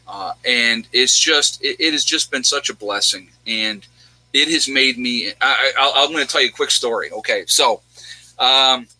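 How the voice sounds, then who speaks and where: A man's voice: mid-range voice, pushed and bright, rough recording. A middle-aged man, the host, telling a personal story in a rambling, emotional way, fighting back tears and laughing. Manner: rambling, repeats himself, gets teary and laughs.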